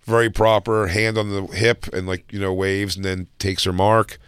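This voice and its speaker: A man co-hosting a casual podcast, telling stories with lively impressions of people. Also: normal speed, clean tone, dry recording, clean studio sound. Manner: animated storyteller, mimics people in high voices. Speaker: podcast co-host. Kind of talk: casual chat.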